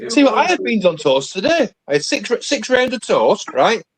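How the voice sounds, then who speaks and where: Male panelist, husky, high voice, lively swings, dry sound. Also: moderate pace, dry recording, low-quality recording. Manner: rambling, repeats himself. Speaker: panel guest. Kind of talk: casual live panel chat.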